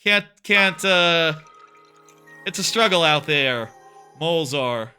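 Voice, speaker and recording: Male streamer, thirties, rambling casual game-stream chatter, bright sharp voice, music faintly behind. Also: a little high, lively intonation, takes it slowly. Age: 30s. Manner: rambling, many fillers and restarts. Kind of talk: casual live-stream chat while playing.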